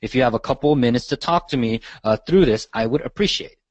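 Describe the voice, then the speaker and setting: Speaking fast in a mid-range voice, with no room sound, a man teaches a live real estate marketing training call. He's conversational, repeats his questions, and checks in with the group constantly using "right?" and "okay?".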